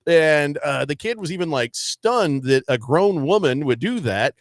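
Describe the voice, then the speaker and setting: A man's voice: a little high, lively intonation, unhurried, no room sound. A man hosting a sports talk radio show, telling stories in a casual, rambling way full of fillers. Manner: rambling with many fillers and restarts. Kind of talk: casual storytelling chat. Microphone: studio microphone.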